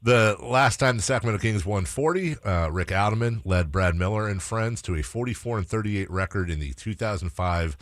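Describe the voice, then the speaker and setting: A low-pitched man hosts a sports radio show in a relaxed, teasing way. His voice sits deep and sounds close and dry, with no room around it. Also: fairly quick, few pauses, no echo. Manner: easygoing, teasing banter with a guest. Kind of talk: casual sports radio chat.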